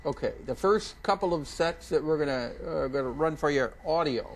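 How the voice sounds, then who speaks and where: A man's voice: a little high, moderate pace. A man hosting a casual TV talk show interview, asking curious questions and often repeating his first words. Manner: inquisitive, repeats words when starting questions. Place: TV studio.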